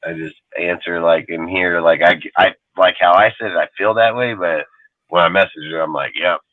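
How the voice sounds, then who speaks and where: Deep-voiced profane man on a thin line. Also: fairly even intonation, normal speed, no echo, narrow, tinny audio. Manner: rambling, cursing, storytelling with acted quotes. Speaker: podcast co-host. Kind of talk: profane casual chat.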